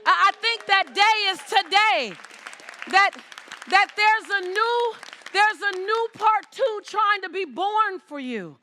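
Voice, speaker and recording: A woman's voice: very high-pitched, animated, slow pace, sharp tone, some chatter behind, slight background noise. A woman giving an inspirational stage talk as a motivational speaker, emphatic, repeating words and calling out to her audience.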